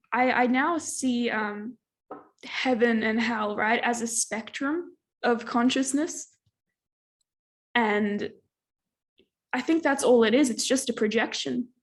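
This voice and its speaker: A woman, a podcast co-host appearing as a guest, speaking in a slow, reflective way and thinking aloud. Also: on the high side. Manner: reflective, thoughtful, many fillers. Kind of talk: casual conversation.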